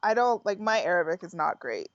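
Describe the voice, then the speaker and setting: A woman's voice: lowish voice, sing-song, fairly quick, no room sound. A woman with an American accent hosting a podcast, chatting casually and laughing often. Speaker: podcast host. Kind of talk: casual chat. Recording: dull, dry lo-fi sound.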